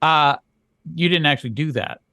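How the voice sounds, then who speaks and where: A man's voice: a little high, moderate pace, pushed and bright, no echo. Wry man playing the straight man. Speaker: podcast co-host. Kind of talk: casual comedic chat.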